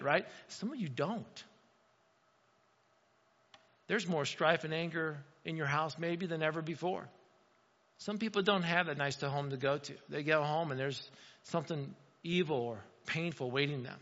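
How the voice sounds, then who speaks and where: A man delivers a sermon as pastor, his voice high and bright, pressing key lines by repeating them. The sound is muffled and dull, with a long reverb trailing through a large hall. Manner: emphatic, repeats lines for stress.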